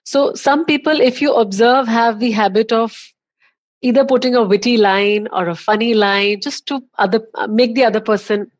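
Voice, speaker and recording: Emphatic Indian woman coaching, higher voice. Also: steady tone, moderate pace. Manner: instructive, emphatic, gives examples. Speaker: communication coach, guest. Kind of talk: podcast interview, advice.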